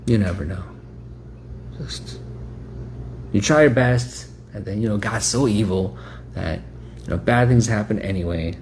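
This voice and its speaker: A man's voice: fairly low pitch, a little mellow, a little hiss or hum. A man preaching a sermon in a rhetorical, repetitive way, often checking in with "right?".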